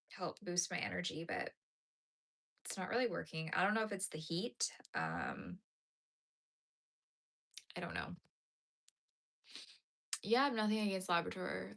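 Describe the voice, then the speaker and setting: A woman's voice: fairly low pitch, creaky, pushed and bright. A tired woman chatting casually with her live-stream viewers from home. She rambles with many fillers and keeps yawning. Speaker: crochet streamer. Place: home, talking to a live chat.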